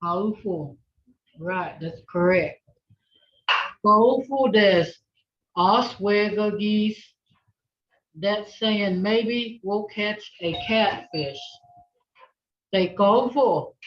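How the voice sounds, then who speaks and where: A woman's voice: medium pitch, drawn-out words, pauses often. A woman teaching an online language lesson, patiently modeling words for a learner to repeat back. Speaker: language instructor. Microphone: video call. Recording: dull lo-fi video call audio.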